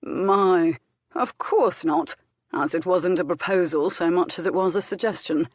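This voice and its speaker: A woman voicing a proud aristocratic duke who speaks in an even, coldly ironic tone, her voice dry and close. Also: on the low side, unhurried, no room sound.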